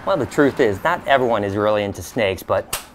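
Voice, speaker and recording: A man's voice: on the low side, expressive, brisk. Guy showing off his snakes, chatty and coaxing, bit of hiss in the background. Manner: upbeat, coaxing, talks to snakes and guest. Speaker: reptile show host. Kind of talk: casual show-and-tell to a guest.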